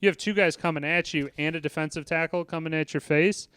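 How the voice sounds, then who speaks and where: Rapid, smooth-voiced male podcast host. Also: on the high side, no echo. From Chicago. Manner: animated, swearing, acts out quoted lines. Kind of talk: casual chat.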